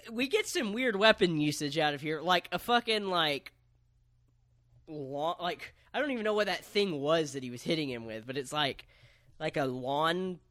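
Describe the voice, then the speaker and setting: A man with a high, bright voice that leaps all over the place. He recaps events in casual, profane play-by-play, cracking jokes as he goes. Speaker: podcast co-host. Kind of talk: casual chat recapping a match.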